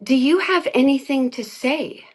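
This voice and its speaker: A woman giving an emotional personal testimony as an interview guest, talking earnestly and haltingly with many fillers. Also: high voice, animated.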